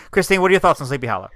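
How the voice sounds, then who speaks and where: A man co-hosting a podcast in casual chat, talking in an animated, opinionated way. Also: a little high. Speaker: podcast co-host.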